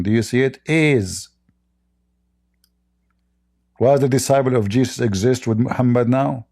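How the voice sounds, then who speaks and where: A man's voice: medium pitch, normal speed, vocal fry, few pauses, dark tone. A man hosting a live debate stream, mocking and combative, speaking in broken English. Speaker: debate host.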